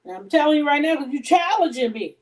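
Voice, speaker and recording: A middle-aged woman talks bluntly and profanely on a casual home live stream, cooking while she talks. Her voice sits a little high. She stands a bit back from the phone, so the voice sounds somewhat distant. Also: lively intonation, fast, a little mellow. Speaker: livestream host. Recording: voice a bit off-mic.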